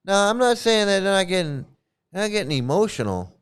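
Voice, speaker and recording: Male vlog host, fairly high smooth voice, loose rambling delivery with restarts, blunt and coarse. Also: very animated, brisk. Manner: rambling, repeats and restarts words; blunt and profane. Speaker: commentary channel host. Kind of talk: casual rambling commentary.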